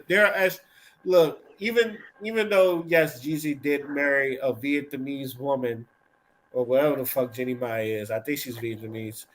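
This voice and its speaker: A man's voice: mid-range voice, steady tone, normal speed, fairly bright tone, slight background noise, low-quality recording. A man co-hosting a casual podcast, giving blunt, profane opinions in rambling sentences full of restarts. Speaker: podcast co-host.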